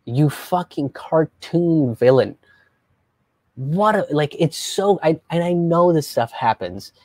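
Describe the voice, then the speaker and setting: A man's voice: on the high side, slow pace, no room sound. Young guy comedian ranting on a livestream, swears a lot, does mocking voices, dry close sound. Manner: animated, profane, mocking put-on voices. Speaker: comedian hosting a live stream. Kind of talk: casual livestream commentary.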